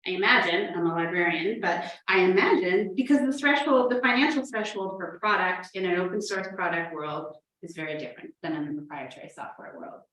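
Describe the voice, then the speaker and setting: A woman's voice: fairly low pitch, fairly quick, few pauses, a bit bright, distant mic. A woman from New Hampshire, giving an earnest conference talk as a librarian, telling stories with playful asides. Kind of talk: prepared conference presentation. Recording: roomy, echoey from off the mic.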